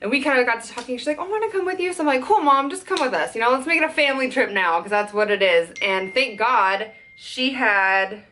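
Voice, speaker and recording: A young woman venting in a fast, worked-up storytime vlog, swearing as she tells it. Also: a little high, expressive, pushed and bright, a little hiss or hum. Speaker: content creator.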